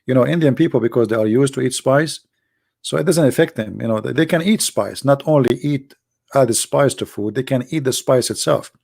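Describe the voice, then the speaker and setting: Creaky-voiced man hosting a livestream. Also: medium pitch, a little fast. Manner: animated storyteller in non-native broken English. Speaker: livestream host. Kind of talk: casual livestream chat.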